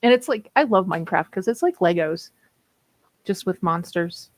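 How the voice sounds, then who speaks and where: A woman's voice: lowish voice, lively intonation, normal speed, poor audio. A woman in her fifties with a Minnesota accent, chatting casually and laughing often while hosting writing sprints. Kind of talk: casual livestream chat.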